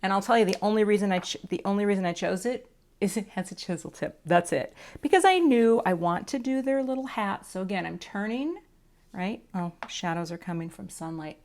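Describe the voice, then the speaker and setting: A woman's voice: mid-range voice, animated, brisk, darkish tone. A woman teaching card coloring in a casual, chatty talk-through, self-deprecating and muttering to herself as she works. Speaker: craft teacher.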